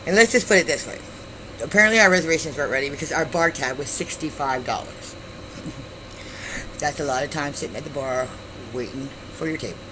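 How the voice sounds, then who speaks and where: Bright-voiced woman telling a storytime vlog. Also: low voice, slight background noise, poor audio. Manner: animated, swears, acts out quoted voices. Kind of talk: casual storytime chat.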